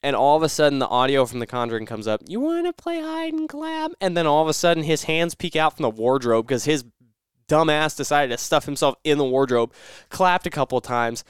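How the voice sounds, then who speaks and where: A young man chats on his own podcast in a loose, rambling way, doubling back to correct himself as he goes. His voice is remarkably smooth and clean. The sound is dry and close, with no room around it. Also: medium pitch, fairly quick, no room sound. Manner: rambling, self-correcting storyteller. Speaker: podcast host. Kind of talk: casual solo podcast chat.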